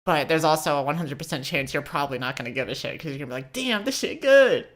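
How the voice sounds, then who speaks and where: A woman with a low, deep-set speaking voice, trading crude jokes as a podcast co-host. She riffs loosely and swears freely in relaxed conversation. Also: racing. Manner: profane, joking, riffing. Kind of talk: casual chat.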